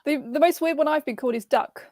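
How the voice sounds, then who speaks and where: A woman's voice: high-pitched, fast talker, a little mellow, no room sound. Woman, dry close sound. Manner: agreeable, explains plainly. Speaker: podcast guest. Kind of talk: casual chat.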